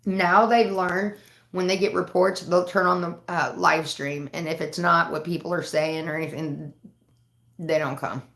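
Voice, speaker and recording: A woman's voice: on the low side, fairly even intonation, moderate pace, gravelly, a bit bright. Profane, rambling woman livestreamer, echoey room. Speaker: live streamer. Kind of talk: casual livestream chat.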